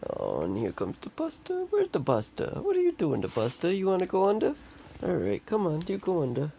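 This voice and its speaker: A man at home cooing sing-song baby talk to his pets, his voice swooping high. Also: sing-song, moderate pace, gravelly, dark tone, slight background noise. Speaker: pet owner.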